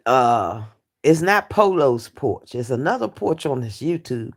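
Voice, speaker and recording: A woman hosting a live stream, chatting casually with her viewers in a brassy, joking way, laughing often and dropping from loud outbursts to low asides. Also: sing-song, moderate pace, slightly rough. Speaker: livestream host. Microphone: phone or computer mic on a livestream.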